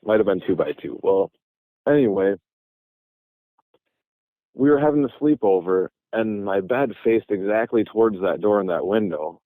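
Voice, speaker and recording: A man's voice: on the low side, expressive, moderate pace, pauses often, dry recording. A man from Michigan, a guest telling a long story in a casual, rambling way with many restarts, calling by phone from a parking lot. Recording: tinny phone line.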